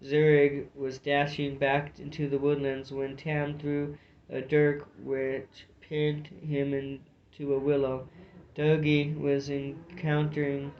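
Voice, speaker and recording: A man's voice: mid-range voice, completely flat delivery, takes it slowly, slight background noise. A man reading a fantasy storybook aloud, narrating with occasional slips and restarts. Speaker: audiobook reader. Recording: dull lo-fi recording.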